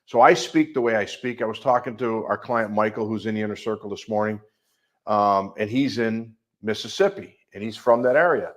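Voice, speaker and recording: A middle-aged life coach with a Midwestern American accent talks through a coaching call in a somewhat low voice. He is emphatic and builds his points from long, repeated lists. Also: normal speed.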